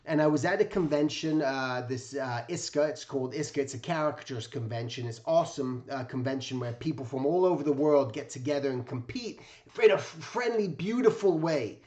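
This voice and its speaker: A man's voice: on the high side, a little fast, darkish tone. A man who hosts an art channel, telling a personal story in a casual, enthusiastic and rambling way. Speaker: illustration teacher and host.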